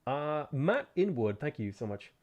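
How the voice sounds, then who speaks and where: A man's voice: a little high, very animated, a little slow, darkish tone. A man streaming a strategy game, thinking aloud about his moves, thanking viewers and laughing often. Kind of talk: casual live-stream commentary.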